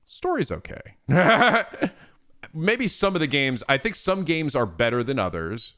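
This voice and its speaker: At a measured pace and in a fairly high voice, this man reads viewer messages during a casual livestream. He replies animatedly, laughing and swearing often.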